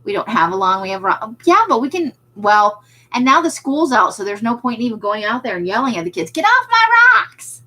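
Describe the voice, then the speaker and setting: A woman's voice: medium pitch, lively intonation, brisk, few pauses, pushed and bright, low-quality recording. A woman who runs a craft shop, hosting a casual livestream and chatting with viewers. She is self-deprecating and laughs often.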